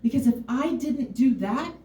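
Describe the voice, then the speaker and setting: A woman's voice: sits high, expressive, moderate pace, mellow. A woman telling a personal story on stage, candid, wry and emotionally open. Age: adult, mother of a son. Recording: roomy hall, mic far off.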